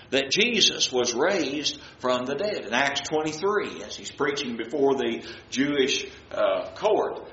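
A man's voice: mid-range voice, fairly bright tone. A man preaching a sermon, reading scripture aloud and asking his listeners rhetorical questions. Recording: muffled, roomy recording with faint hiss.

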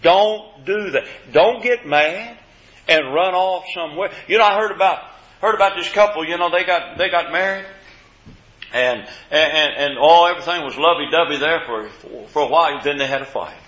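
A man preaching a sermon with folksy stories, repeating words and swinging between loud and hushed delivery. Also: on the high side, fairly quick. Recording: echoey hall, dull lo-fi sound.

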